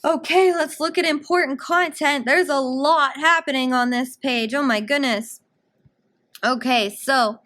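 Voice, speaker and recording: A woman teacher with a fairly high voice talks students through a short story in a recorded lesson. She explains each passage in an animated, explanatory way, sounding as if she is speaking into a computer mic. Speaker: English teacher. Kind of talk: guided reading lesson.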